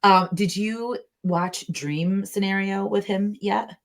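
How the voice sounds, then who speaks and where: A woman hosting a podcast, chatting casually and enthusiastically with plenty of "like" and quick laughs. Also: medium pitch, fairly even intonation. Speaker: podcast host. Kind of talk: casual chat.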